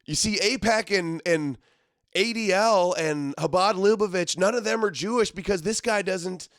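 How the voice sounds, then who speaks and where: A sarcastic male livestream host who talks back to clips and chat in an exasperated tone. His voice sits a little high for a man, and the sound is dry and close, with no room around it. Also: moderate pace, fairly bright tone, no room sound. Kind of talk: live commentary reacting to clips.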